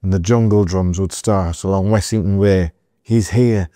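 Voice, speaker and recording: Smooth-voiced storyteller. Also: male voice, sits low, moderate pace, dry recording, clean studio sound. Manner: animated anecdotal storyteller, asides to the host. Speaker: entrepreneur guest. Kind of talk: storytelling podcast interview.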